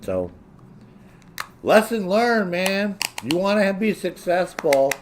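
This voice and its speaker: A man's voice: high voice, takes it slowly, background noise. A man streaming and ranting casually to his viewers, swearing heavily and sounding indignant. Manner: profane, heavy swearing; animated, indignant.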